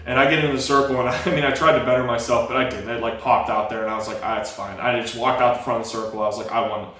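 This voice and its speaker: A man's voice: medium pitch, rapid-fire. A young man candidly telling his own life story, acting out the quoted dialogue as he goes. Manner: lively retelling, acts out quoted dialogue. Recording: very echoey room, mic far off.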